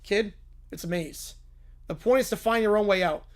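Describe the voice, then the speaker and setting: A man voicing a grumpy adult who is fed up with a group of whining kids, speaking gruffly and dryly. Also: high voice, moderate pace. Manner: gruff, exasperated, deadpan.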